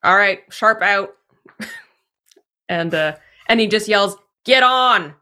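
A woman player in a tabletop game, firing off quick questions and laughing easily. Her voice is bright and forceful. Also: mid-range voice.

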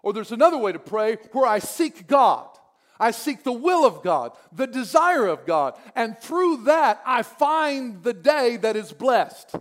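High-pitched man preaching a lively sermon. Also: measured pace. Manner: lively preaching, swings between soft prayer and emphatic repetition. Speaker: pastor.

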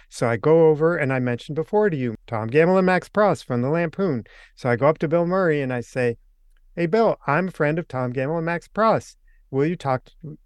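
Older man, guest storyteller, smooth clear voice, dry close sound, acts out quotes. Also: medium pitch, no echo. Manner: animated anecdote teller, acts out quotes. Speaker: podcast guest. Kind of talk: casual storytelling.

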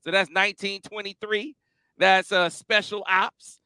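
A high-pitched male host talks in an energetic, emphatic, playful way. His voice is bright and crisp, recorded dry and close with no room sound. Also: measured pace, no echo. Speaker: podcast host. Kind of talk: casual sports show chat.

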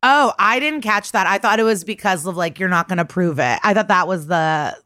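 A woman's voice: mid-range voice, a little fast, sharp tone, dry recording. Female podcast co-host, chatty and swearing, dry close-miked sound. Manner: chatty, profane, acts out quoted lines. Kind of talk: casual episode recap.

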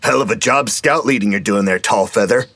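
A man voicing a crude, loudmouthed older ex-Marine grandfather who mocks and insults everyone. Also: low voice, animated, normal speed, husky, dry recording, full character voice. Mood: brash mocking. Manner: brash, mocking, insulting.

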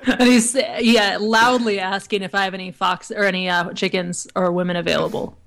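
A woman's voice: mid-range voice, little pitch movement, normal speed, creaky, fairly bright tone. A woman calling in as a podcast guest, chatting casually with dry, self-mocking humor. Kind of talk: casual comedic chat. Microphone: remote call-in.

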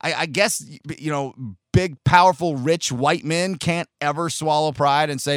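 A man's voice: on the high side, moderate pace, hardly any pauses, fairly bright tone, no room sound, clean studio sound. A man hosting a podcast, giving a rambling, self-deprecating and profane opinion monologue in a casual way. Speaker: podcast host.

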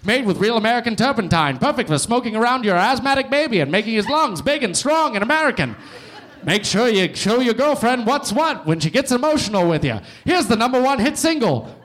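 A man's voice: very high-pitched, sing-song, a bit bright, voice pushed up, heavily acted. A man doing a chipper 1940s radio announcer. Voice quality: fast, chipper announcer cadence.

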